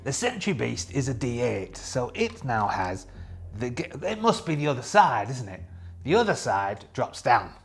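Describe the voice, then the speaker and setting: A chatty man talks through a solo tabletop game, wandering off on jokes and asides. His voice is gravelly and lively, rising and falling a lot. Light music sits softly underneath. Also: mid-range voice, moderate pace. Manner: chatty, rambling, jokey. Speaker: solo game player and host. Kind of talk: casual tabletop game play narration.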